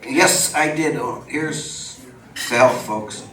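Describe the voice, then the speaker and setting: An older man spins chatty stories on a club stage, slipping into the voices of the people he quotes and breaking into laughter. His voice comes from a distance through the room's echo. A steady murmur of noise sits behind it. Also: medium pitch, slow pace. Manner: chatty, laughs often, acts out quoted dialogue. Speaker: guest storyteller. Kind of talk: live on-stage storytelling. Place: supper club stage before an audience. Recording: roomy venue sound from a distant mic with background noise.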